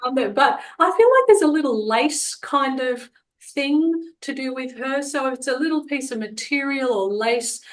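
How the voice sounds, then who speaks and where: A woman's voice: sits high, lively intonation, unhurried, rough recording. A middle-aged woman giving a live group medium reading. She talks in a chatty, affectionate way, laughs often and calls people darling. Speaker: psychic medium.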